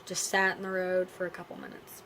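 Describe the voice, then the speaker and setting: Quiet, halting woman vlogger. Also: lowish voice, completely flat delivery, slight background noise, rough recording. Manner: subdued, halting and quiet, with frequent pauses; candid, casual with blunt swearing. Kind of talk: personal storytelling to camera.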